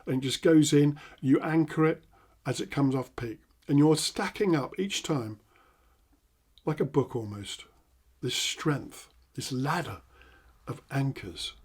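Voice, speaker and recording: A middle-aged man with an English accent, a hypnotherapist teaching an NLP technique with animated demonstrations. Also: medium pitch, a little slow, slightly rough. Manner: animated, acts out laughing prompts with loud bursts. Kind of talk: instructional talk with demonstrations.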